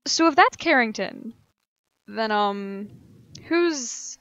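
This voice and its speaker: A woman's voice: a little high, lively intonation, slow, a bit bright, clear, resonant tone, no echo, dull audio. A woman streaming a game, giving chatty, rambling let's play commentary.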